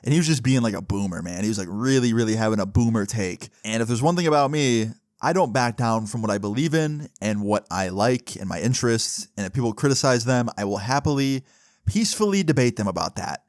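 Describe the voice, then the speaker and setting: A man's voice: medium pitch, lively intonation, fairly quick, no echo, clean studio sound. A young man, a YouTuber, telling a personal story in a chatty, laid-back, conversational way. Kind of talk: casual storytime narration.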